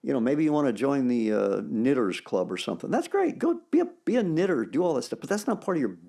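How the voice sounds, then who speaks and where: A man co-hosting a podcast, talking about faith in an animated, emphatic way and quoting scripture. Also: medium pitch, fast talker, vocal fry. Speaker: podcast co-host. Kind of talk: casual faith discussion.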